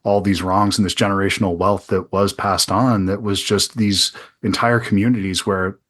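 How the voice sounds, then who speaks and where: A man's voice: low voice, flat delivery, moderate pace, a bit bright. A man hosting a podcast interview, earnest and thinking aloud, often restarting his sentences. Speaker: podcast host. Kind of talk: casual interview conversation.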